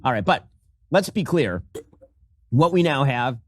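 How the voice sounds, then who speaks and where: A man's voice: mid-range voice, animated, measured pace, no room sound, clean studio sound. A man delivering opinion commentary, emphatic and sardonic, reading quotes aloud. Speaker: political commentator.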